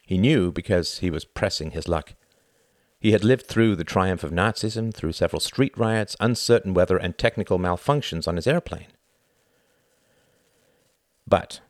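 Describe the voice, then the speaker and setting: A man narrating an audiobook in a steady, measured reading style. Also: deep voice, no room sound, studio quality. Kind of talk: scripted narration.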